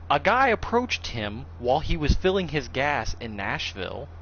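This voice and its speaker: A young man tells a story in a casual, incredulous, animated way, and his pitch jumps around a lot. He seems to be recording in a car. The sound is dull and muffled, with heavy road noise behind him. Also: moderate pace.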